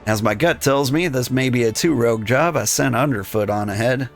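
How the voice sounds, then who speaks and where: A man reading a gruff male rogue guild thief who talks in conspiratorial thieves' slang. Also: medium pitch, fairly quick, faint music behind, lightly acted. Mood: scheming.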